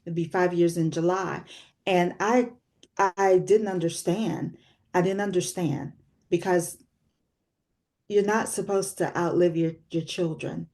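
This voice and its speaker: Mellow-voiced woman in her sixties. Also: fairly low pitch, fairly even intonation, a little slow. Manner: reflective, earnest, with frequent fillers. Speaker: guest author. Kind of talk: personal testimony in a talk-show interview.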